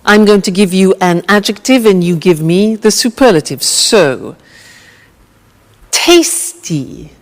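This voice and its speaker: A woman teaching English grammar with a slow, clear drill, patient and encouraging. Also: mid-range voice, expressive, in a large hall.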